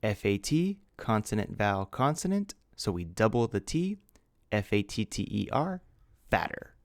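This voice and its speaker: A man's voice: lowish voice, big pitch swings, moderate pace, gravelly, no echo, studio quality. A man teaching English grammar, patiently spelling out words letter by letter. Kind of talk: slow grammar lesson.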